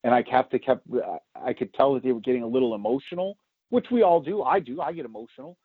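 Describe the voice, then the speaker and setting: Loud, emphatic man on a tinny line. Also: medium pitch, fast talker, breathy edge, no echo. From United States. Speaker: podcast co-host. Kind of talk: opinionated political podcast talk. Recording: tinny phone-like sound.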